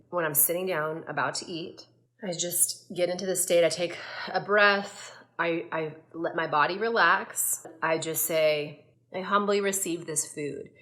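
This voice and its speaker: A woman gut health coach talking to camera in a casual, earnest, reflective way, with frequent fillers and restarts. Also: on the low side.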